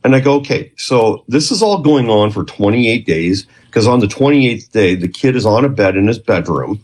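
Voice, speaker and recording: Husky-voiced man telling a story. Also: fairly low pitch, normal speed. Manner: animated storyteller, quotes others' words. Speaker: guest. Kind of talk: storytelling interview.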